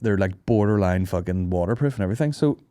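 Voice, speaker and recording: A man's voice: deep voice, expressive, fast talker, dark tone, slight background noise. A man hosting a podcast, chatting casually with lots of swearing and joking. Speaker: podcast host. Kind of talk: casual chat.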